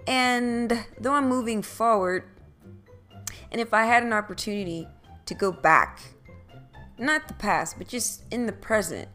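A woman's voice: medium pitch, a bit bright. A woman from Philadelphia hosting her own podcast, rambling casually, playfully repeating phrases, her voice a little scratchy at times. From Philadelphia, USA. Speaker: podcast host. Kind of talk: casual solo podcast monologue.

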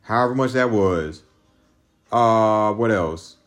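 A man with a fairly low voice rants through a solo podcast monologue, rambling and swearing hard. His voice jumps up sharply when he mimics others. Faint music plays under his talk. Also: takes it slowly. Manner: profane, rambling, agitated. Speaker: podcast host.

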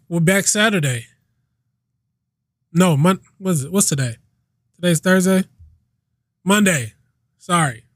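A man's voice: high voice, dry recording, studio quality. A man hosting his own podcast, ranting in a casual, emphatic way, repeating himself and swearing freely. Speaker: podcast host. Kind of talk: casual solo rant.

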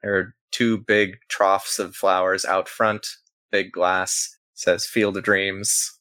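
A man narrating as game master of a tabletop role-playing game, in a quick, loose manner. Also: sits low, little pitch movement, pushed and bright, dry recording.

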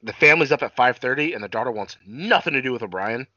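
A man's voice: mid-range voice, animated, quick pace, pushed and bright, dry recording, lo-fi sound. A man co-hosting a casual podcast, recapping a TV episode, swearing freely and acting out scenes in quoted voices. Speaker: podcast co-host.

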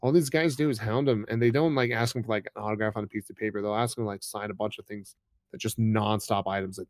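A man with a fairly low, steady voice talks fast as he co-hosts a podcast. It's loose, casual conversation full of fillers and rambling. The audio has no echo and is studio quality.

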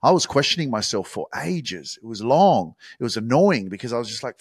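A man hosting his own motivational podcast, talking intensely and swearing, sometimes building up to shouted hype. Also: medium pitch, big pitch swings, a little fast, few pauses, slightly rough, no room sound, clean studio sound. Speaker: podcast host. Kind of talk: motivational monologue.

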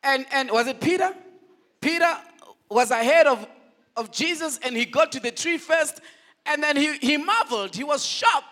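At a moderate pace and in a very high-pitched voice, a male pastor delivers a sermon full of call-and-response questions for the congregation. He stays animated, switching between loud declarations and quiet asides.

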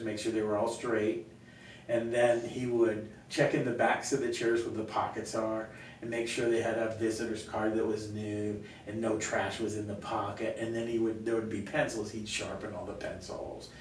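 Earnest pastor in an echoey room. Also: male voice. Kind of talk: conversational Q&A teaching. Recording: echoey room, mic far off, faint rumble.

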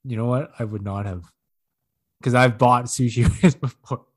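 Speaking at normal speed in a steady tone with a breathy edge, a man chats on a podcast, telling a long, meandering story full of profanity. He laughs frequently and acts out quotes by pitching his voice up.

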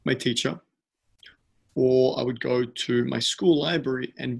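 A man's voice: medium pitch, steady tone, moderate pace, gravelly. A man in casual chat, often repeating words as he starts a thought.

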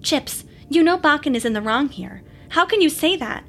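A woman's voice: high-pitched, animated, moderate pace, a little hiss or hum, pitched above the performer's own voice. A woman voicing a worn, stubborn woman space ranger who speaks in a determined, earnest way.

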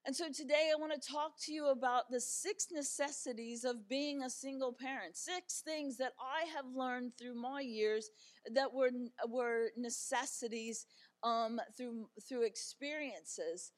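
A woman's voice: sits high, a little slow. A middle-aged woman giving an encouraging talk as a guest speaker, telling stories in a chatty way with fillers and light humor.

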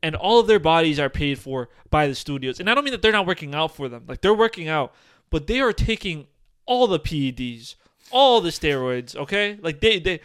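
A young man co-hosting a casual podcast, talking in an animated, emphatic way and swearing often. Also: fairly high pitch, fairly quick, clean tone. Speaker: podcast co-host.

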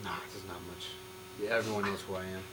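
A man's voice: deep voice, flat delivery, fast, noisy background. A man co-hosting a podcast, tossing in wisecracking asides during casual chat.

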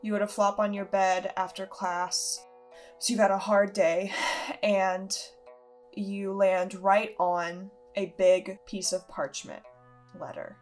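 A woman's voice: mid-range voice, level tone, takes it slowly, faint music behind. Casual woman running a tabletop game. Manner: chatty, casual, with many fillers. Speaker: game master.

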